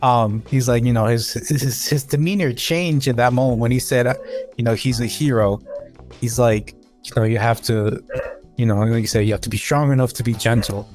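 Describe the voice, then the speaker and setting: A man's voice: medium pitch, steady tone, normal speed, darkish tone. Man, podcast guest, rambling storyteller, faint music underneath. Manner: rambling storyteller with many fillers and restarts. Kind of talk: casual podcast chat.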